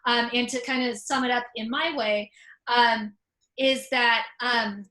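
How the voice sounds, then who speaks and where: A woman's voice: fairly high pitch, fairly even intonation, unhurried, pushed and bright, rough recording. A woman, an author and comedian, talking frankly and with humor over a video call, with a stutter that repeats the first sounds of words. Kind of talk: conversational talk.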